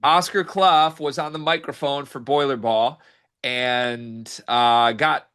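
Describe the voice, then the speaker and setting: A man's voice: medium pitch, steady tone, slow, sharp tone, smooth. A man hosting a casual sports podcast, teasing his co-host dryly and then recapping an interview.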